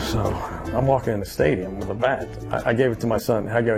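A man's voice: mid-range voice, normal speed, vocal fry, music in the background. A man from Louisiana, a baseball bat maker, telling a story as a guest and acting out what other people said. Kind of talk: storytelling interview.

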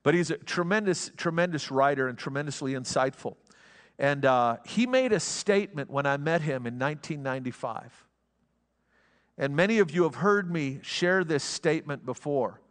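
A middle-aged pastor in a church delivers a sermon in a chatty, anecdotal way, often stopping and restarting his sentences. His voice sits a little higher than most men's, and a long hall reverb trails behind every phrase. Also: lively intonation, moderate pace. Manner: conversational storytelling preacher, frequent restarts. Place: church sanctuary.

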